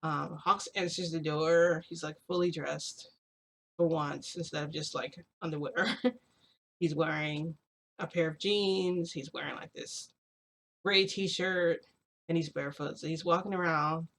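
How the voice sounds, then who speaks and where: A woman's voice: low-pitched, steady tone, a little slow, fairly bright tone. A young woman vlogger casually telling a long story to her viewers, rambling with many fillers and frequent laughs.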